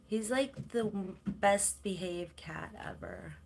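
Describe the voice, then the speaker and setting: A middle-aged woman from Canada, chatting casually on a livestream and cooing softly to her cats. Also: medium pitch, lively intonation, measured pace, vocal fry, few pauses, noisy background. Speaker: livestream host.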